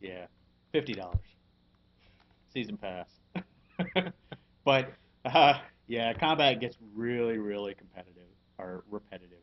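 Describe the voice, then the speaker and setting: Male podcast host, mid-pitch, rambling and filler-heavy, light chuckles, muffled lo-fi sound. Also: expressive, unhurried, pauses often. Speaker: podcast host reviewing a video game. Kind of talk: casual podcast chat.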